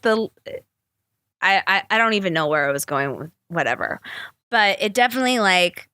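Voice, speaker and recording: A young woman talks through her feelings on a podcast, rambling, confessional and quick to swear. Her voice is bright and forward, recorded dry and close with no room around it. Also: medium pitch, no room sound. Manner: rambling, profane, emotional and confessional. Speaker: podcast host. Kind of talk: candid solo podcast talk.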